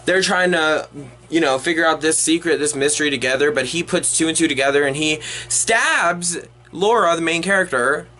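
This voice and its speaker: A young man rants through a movie review in a high, bright, sharp-edged voice. He is exasperated and profane, rambling along with restarts and swearing as he goes. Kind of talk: unedited ranting review.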